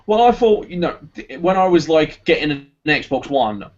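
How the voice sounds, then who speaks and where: A man's voice: fairly high pitch, sing-song, normal speed. Rambling man, lo-fi podcast. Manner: rambling, hesitant, lots of ums and restarts. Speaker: podcast co-host. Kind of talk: casual chat reviewing a game. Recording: dull lo-fi podcast audio.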